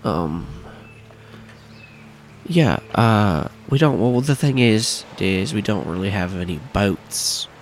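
A man running a tabletop game as game master, playful and halting, often laughing. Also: lowish voice, lively intonation, slight background noise.

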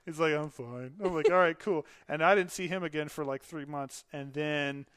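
A man's voice: a little high, steady tone, moderate pace, fairly bright tone, smooth, no echo. Laughing man telling service stories. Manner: laughs often while telling stories, acts out dialogue. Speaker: podcast guest, Air Force veteran. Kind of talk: casual storytelling.

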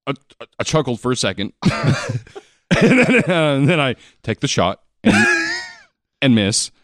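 A man's voice: medium pitch, wildly swooping pitch, a little slow, a bit bright, dry recording, studio quality. A man telling a long bar story in casual chat, profane and laughing often as he rambles.

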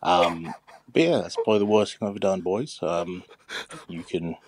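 A man's voice: deep voice, expressive, moderate pace, darkish tone, slight background noise. A man with an Australian accent telling a confession story in a voice message, casual and swearing. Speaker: listener sending a voice message.

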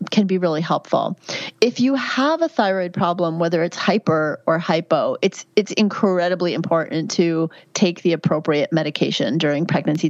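A woman's voice: fairly low pitch, a little mellow, no echo. A middle-aged woman, a midwife, answering interview questions in an earnest, chatty way with many fillers and restarts. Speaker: midwife and guest. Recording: dry, slightly dull lo-fi sound.

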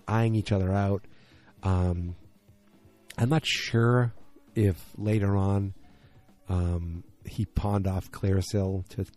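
A man's voice: fairly low pitch, dark tone. A tired man hosting a podcast late at night, rambling through a casual episode recap and correcting himself as he goes. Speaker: podcast host.

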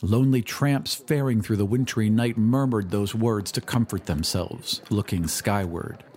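A man reading a classic story aloud as an audiobook narrator, measured and dramatic. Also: lowish voice, darkish tone. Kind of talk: scripted narration.

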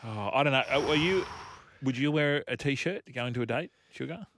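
A man's voice: medium pitch, normal speed, a bit bright, dry recording, clean studio sound. A man with an Australian accent, hosting a radio show with teasing, bossy banter. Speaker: radio host. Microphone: studio microphone.

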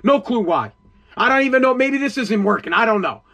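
A man's voice: extremely high pitch, expressive, brisk, creaky, a bit bright. A man hosting his own podcast, ranting angrily and profanely about responsibility, repeating himself as he gets worked up. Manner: profane, heated, repetitive. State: agitated. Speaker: podcast host. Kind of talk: angry ranting monologue.

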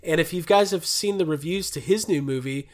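A man's voice: fairly high pitch, a little fast. A man hosting a podcast in casual chat, joking and laughing as he talks. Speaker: podcast host.

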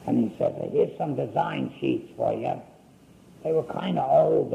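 A man's voice: medium pitch, gravelly, dark tone, slight background noise, low-quality recording. An older man telling his life story in a folksy, rambling way, acting out what people said. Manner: folksy, unhurried, acts out quoted speech.

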